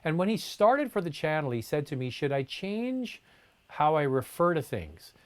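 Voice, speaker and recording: A man's voice: a little high, big pitch swings, a little fast. A man hosting a live question-and-answer stream, reading viewer comments aloud and answering in a casual, chatty way with plenty of fillers. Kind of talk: live Q&A chat.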